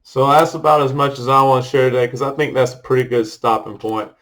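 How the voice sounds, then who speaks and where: A man's voice: medium pitch, level tone, fast talker, fairly bright tone, low-quality recording. Rambling middle-aged man vlogging. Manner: rambling, loose, with many fillers and restarts. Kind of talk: casual personal vlog monologue.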